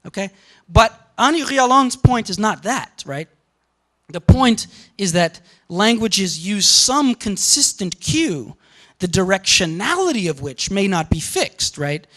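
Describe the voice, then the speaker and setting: A man giving a university lecture, animated and often checking in with the class. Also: high voice, slow, poor audio.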